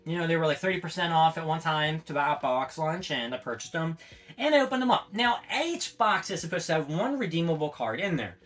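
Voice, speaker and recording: A man ranting casually as a vlogger, excitable, swearing freely and adding little sound effects as he goes. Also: on the high side, brisk, few pauses, soft background music. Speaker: collectibles vlogger. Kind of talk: casual rambling monologue.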